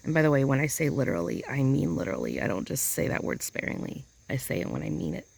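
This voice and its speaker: Rambling, emotional woman with a gravelly voice. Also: very deep voice, sing-song, fast, a little mellow, dry recording. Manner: rambling, emotional, searching for words. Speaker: vlogger. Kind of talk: casual outdoor vlog. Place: outdoors in a yard chair.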